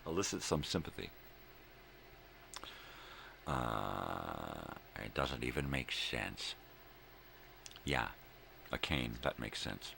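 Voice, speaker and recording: A man's voice: extremely low pitch, animated, a little slow, vocal fry, long pauses, bright, forceful tone, a little hiss or hum. An older man hosting his own daily show, rambling casually at home with laid-back slang, jokes and thinking aloud.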